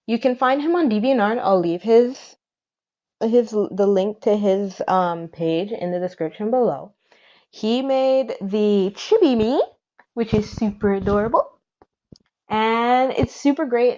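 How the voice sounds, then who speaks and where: A woman's voice: on the high side, muffled recording. A young woman hosting a casual solo podcast, rambling and self-deprecating, laughing often. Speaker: podcast host.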